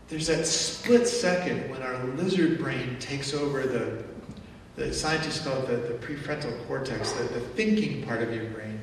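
A male pastor preaching a sermon in a church, animated and conversational, acting out angry outbursts as he speaks. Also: medium pitch, measured pace, a little hiss or hum. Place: church sanctuary. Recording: echoey church hall from far off.

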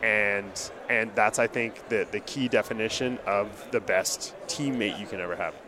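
A man's voice: lowish voice, fairly even intonation, normal speed. Male podcast host, dentist, sincere and emotional, stumbles over repeated words; noisy crowded hall. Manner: earnest, repeats words when moved. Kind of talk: emotional casual conversation. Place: conference booth. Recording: busy conference hall crowd. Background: crowd chatter.

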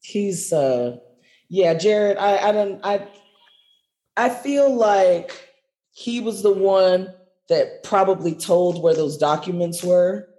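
A podcast co-host talking in casual political chat, with an unhurried, chatty way of speaking. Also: mid-range voice, dark tone. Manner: unhurried, chatty, hesitant restarts.

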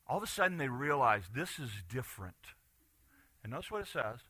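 A man preaching a sermon as pastor, animated, swinging from loud bursts to quiet asides. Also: mid-range voice, fast talker, slightly rough, no echo.

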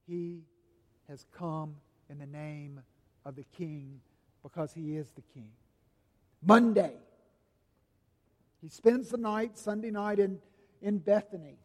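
A man preaching a sermon as pastor, dramatic and swinging from booming to hushed. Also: slow, long pauses, in a large hall.

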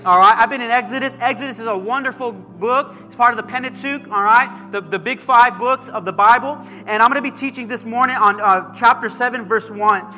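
A man preaching a sermon as pastor, emphatic and animated, calling out to his congregation. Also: extremely high pitch, fairly quick, few pauses. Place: church sanctuary. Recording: long hall reverb with faint music.

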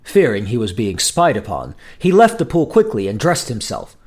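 Expressive male storybook narrator. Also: medium pitch. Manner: expressive, measured reading.

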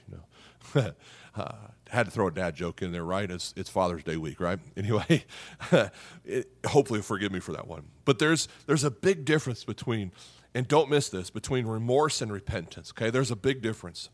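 A middle-aged pastor preaches a sermon in a conversational way, often tacking "okay?" and "right?" onto his points. His voice is fairly low and expressive at a moderate pace, and it drops soft and quiet whenever he reaches something serious.

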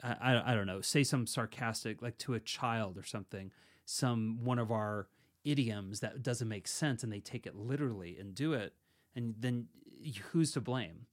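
A man's voice: medium pitch, normal speed. A man co-hosting a podcast and teaching meditation in casual chat, rambling and self-correcting, laughing easily.

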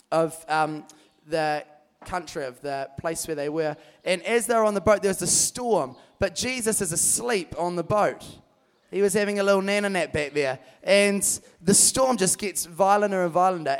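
A young man preaches at a youth camp in a bright, fairly high voice. He tells Bible stories with energy, acting out each person in them as he goes. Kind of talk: animated sermon storytelling.

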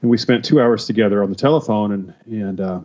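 Guy on a podcast telling his faith story, mellow low voice, kinda muffled, stumbles and restarts a lot. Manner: emotional, halting, many restarts. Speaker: podcast guest. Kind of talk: personal testimony.

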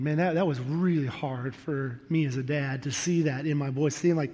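A middle-aged pastor with a slightly high, dark-toned voice preaches at a moderate pace with hardly any pauses. He shares a personal story candidly and earnestly, adding self-deprecating humor, and the recording carries the long reverb of a large hall.

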